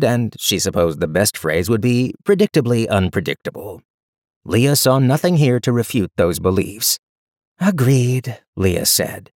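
A man narrating a fantasy short story in a measured, even storytelling voice. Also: lowish voice, dry recording, clean studio sound. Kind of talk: audiobook narration.

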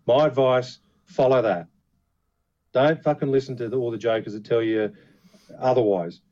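A man's voice: medium pitch, steady tone, moderate pace, dark tone. A man talking casually as a podcast co-host about knife making, blunt and swearing freely. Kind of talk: casual chat. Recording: dull lo-fi sound.

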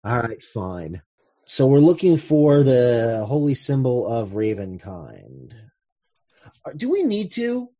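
Sarcastic, animated tabletop player. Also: medium pitch, slow pace. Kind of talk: casual tabletop game chat.

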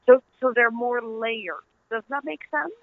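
Her voice sits a little high and moves at normal speed, with no echo but a tinny phone-line quality. A middle-aged Dutch author, she is an earnest, easily laughing storyteller guesting on a conversational interview.

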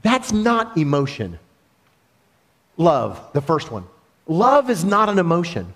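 Animated, high-voiced male preacher. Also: slow pace, long pauses. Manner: animated, conversational storytelling with laughs. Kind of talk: sermon.

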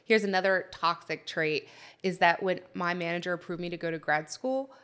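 A woman's voice: fairly low pitch, moderate pace, fairly bright tone, clear, resonant tone. A woman co-hosting a podcast, chatty and telling stories in casual conversation. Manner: chatty, storytelling. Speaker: podcast co-host. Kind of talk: casual chat.

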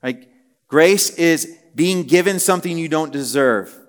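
A man's voice: a little high, unhurried. A man preaching a casual teaching sermon, talking conversationally with many fillers and building to emphatic, repeated phrases. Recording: long hall reverb.

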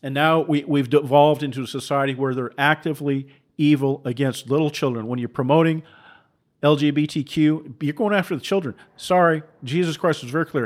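Guy preaching hard, slightly high voice, keeps repeating himself and stammering restarts. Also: steady tone, fairly quick. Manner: forceful, repetitive, rhetorical questions, stammering restarts. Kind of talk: impassioned preaching commentary.

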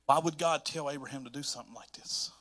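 A man from North Carolina with a Southern accent, preaching a sermon as pastor in an animated storytelling manner that repeats phrases for emphasis. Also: on the high side, quick pace.

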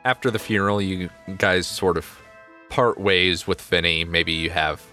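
Low-voiced male game master. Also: fairly even intonation, unhurried, sharp tone, soft background music. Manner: chatty, laughs often, loose narration. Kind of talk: narrating a tabletop game.

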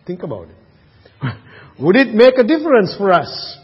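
A man preaching a sermon in an earnest way, full of rhetorical questions and restarts. His voice sits a little high and sounds husky. It rings out with a long reverb, on a muffled recording. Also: wildly swooping pitch, a little slow, long pauses.

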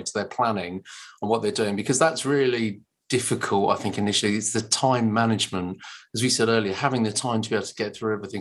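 A man's voice: mid-range voice, slightly rough. Chatty male teacher trainer. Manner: animated anecdotes with bright put-on quotes. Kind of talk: casual podcast chat.

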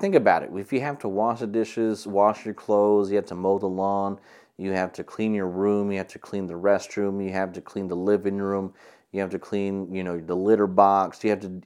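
A young man with a very deep voice hosts his own podcast, musing aloud in a loose, rambling way. He fills his talk with "you know" and "um", yet keeps an earnest, encouraging tone toward his listeners. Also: darkish tone, smooth. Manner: rambling, with many fillers and repeated words. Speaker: podcast host. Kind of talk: casual solo podcast monologue. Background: air conditioner hum.

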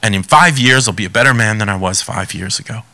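A man preaching a sermon, reading scripture and asking animated rhetorical questions. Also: lowish voice, fast.

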